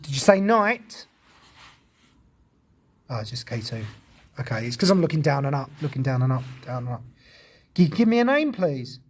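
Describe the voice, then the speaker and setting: A man's voice: mid-range voice, big pitch swings, moderate pace, pauses often. A man chatting casually on a ghost-hunting livestream, talkative and jumpy, swearing when startled outdoors.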